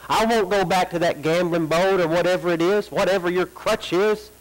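High-pitched preacher guy in a church, swells up and stretches out the prayer lines. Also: steady tone, low-quality recording. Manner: preaching with rising emphasis, drawn-out quoted prayers. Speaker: pastor. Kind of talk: sermon. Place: church sanctuary.

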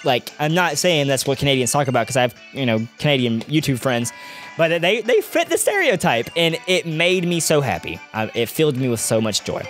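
A man's voice: a little high, big pitch swings, a little fast, a bit bright, soft background music. A young man doing let's-play commentary, chatty and rambling, often drifting off on tangents. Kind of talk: video game commentary.

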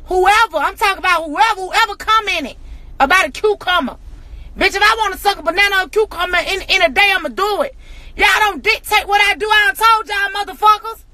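A woman in an angry, profane rant to camera, hammering rhetorical questions and often shouting. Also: very high-pitched, no echo. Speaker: social media personality.

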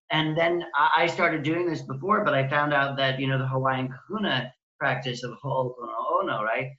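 Bright-voiced man in an echoey room. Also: medium pitch, normal speed, few pauses, highs cut off. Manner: gentle, compassionate, acts out inner dialogue. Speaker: guest, healing practitioner. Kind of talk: interview, conversational.

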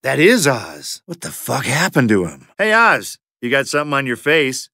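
A sardonic, foul-mouthed mercenary from a zombie shooter game, tossing out wisecracks with a bright, edgy tone. His pitch leaps all over the place, and the sound is dry and close. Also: sing-song, normal speed, dry recording, heavily acted. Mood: sarcastic, combat. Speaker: video game character. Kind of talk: game voice lines.

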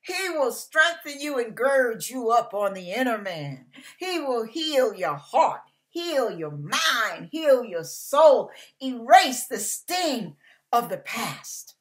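A woman's voice: on the high side, sing-song, slow pace, a bit bright. A woman giving an emotional devotional sermon, fervent and emphatic, at times tearful. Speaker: devotional speaker.

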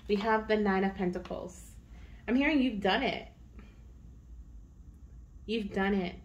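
A woman's voice: medium pitch, darkish tone. A woman giving a tarot reading to her viewers, chatty and encouraging, often checking in with "okay?". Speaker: tarot reader.

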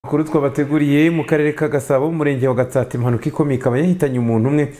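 Dark-toned male news anchor. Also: on the high side, racing. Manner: formal, steady delivery. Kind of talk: news reading.

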